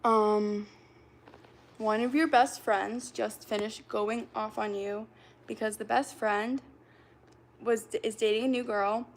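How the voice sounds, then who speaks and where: A young woman streaming live, chatting to her viewers in a loose, rambling way with lots of "like" and "um". Her voice sits a little high, with a gravelly fry running through it. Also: fairly even intonation, takes it slowly, pauses often, a little hiss or hum. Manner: rambling, filler-heavy, talks to chat. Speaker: livestreamer. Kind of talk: casual livestream chat.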